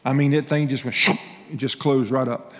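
A man's voice: medium pitch, steady tone, brisk, a little mellow, in a large hall. A male pastor giving a sermon in a folksy, conversational way, telling personal stories with restarts and laughing asides.

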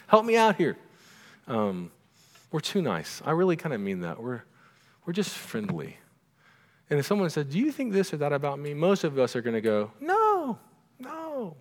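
A middle-aged man preaching in a church sanctuary, his voice carrying a long hall reverb. He talks to the congregation in a casual, conversational way, tossing in little asides to keep them with him, at an ordinary middle pitch. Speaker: pastor. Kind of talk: sermon.

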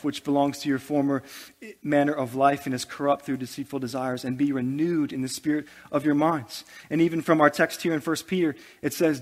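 A male pastor preaching a sermon to his church, building intensity with humorous asides. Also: on the high side.

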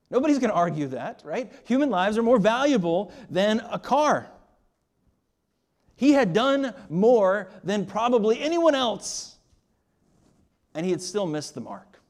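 A man's voice: extremely high pitch, big pitch swings, unhurried, long pauses, darkish tone. A man preaching a sermon, pressing his points with rhetorical questions and often repeating words as he starts a phrase. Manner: emphatic, with rising and falling emphasis and rhetorical questions. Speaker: pastor.

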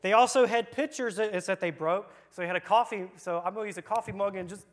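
A man's voice: sits high, quick pace. A man leading an interactive Bible lesson for children, reading scripture and joking in a playful, casual way. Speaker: children's church leader. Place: church room with children present.

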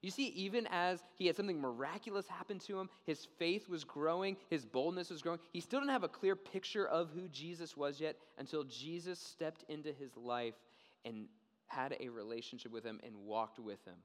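Young male preacher, casual sermon, slightly high voice, animated storyteller, long hall reverb. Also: moderate pace. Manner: casual, keeps adding "okay?" to check in. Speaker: pastor.

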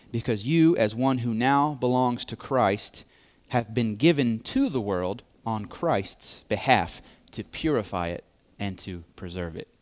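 Slow, deliberate male preacher. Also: medium pitch. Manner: slow, deliberate delivery with repeated emphatic phrases. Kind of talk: sermon.

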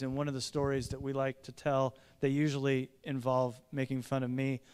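A man's voice: medium pitch, smooth. Midwestern male pastor, confessional storyteller, resonant tone, church reverb. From American Midwest. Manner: earnest, confessional, animated storytelling. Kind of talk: sermon.

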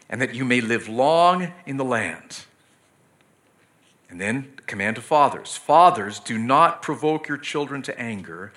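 A man's voice: a little high, sharp tone. A middle-aged pastor preaching a sermon, speaking earnestly and directly to the children and parents in his church.

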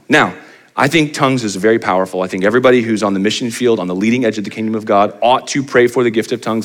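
A man in his forties, a pastor delivering a sermon, animated and often putting rhetorical questions to the congregation. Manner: animated, pitch rising for emphasis, asks the crowd rhetorical questions.

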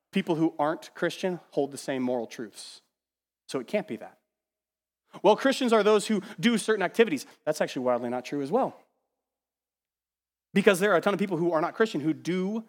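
A man preaching a sermon in an animated, emphatic way, repeating words as he builds a point and dropping to quiet asides. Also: a little high, moderate pace, long pauses, big-room sound. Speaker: pastor.

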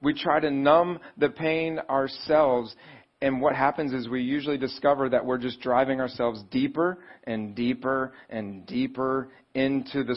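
A male pastor preaching a sermon in a conversational way, asking the congregation questions and acting out pleading voices. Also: highs cut off. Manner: conversational, asks the audience questions; acts out pleading voices with rising pitch.

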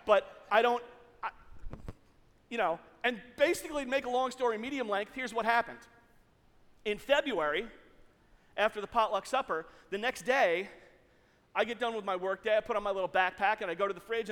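A man pastor telling a story in an animated, jokey way to his congregation in a church hall. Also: high-pitched. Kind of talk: sermon storytelling.

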